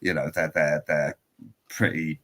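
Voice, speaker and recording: A man's voice: rumbling low, steady tone, a little slow, fairly bright tone. A man, co-hosting a podcast and telling a rambling story with laughs and restarts. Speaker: podcast co-host. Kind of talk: casual chat, storytelling.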